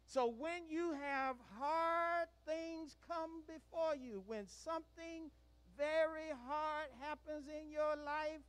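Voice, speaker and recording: A woman's voice: high voice, fairly even intonation, slow pace, dry recording. A woman leading children in church, coaxing them through call-and-response lines to repeat after her. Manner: coaxing, prompts the group to repeat. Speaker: children's worship leader.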